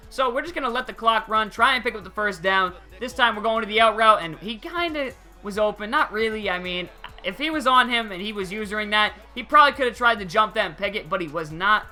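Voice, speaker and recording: A gaming channel host, a young man with a high-pitched voice, gives casual, excitable commentary over a football video game. He uses slang and chuckles often.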